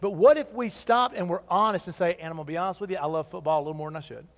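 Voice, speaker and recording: Male pastor, high voice, earnest conversational sermon, long hall reverb. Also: racing. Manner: earnest, conversational preaching with emphatic repetitions. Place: church sanctuary.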